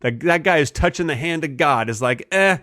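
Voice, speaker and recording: A man co-hosting a casual comedy podcast, telling absurd jokes with a deadpan delivery. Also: a little high, fairly quick, no room sound, studio quality. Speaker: podcast co-host.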